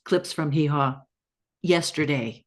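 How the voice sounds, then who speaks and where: A woman hosting a podcast interview, chiming in with quick, reactive interjections. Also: low voice. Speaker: podcast host. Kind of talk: casual interview chat.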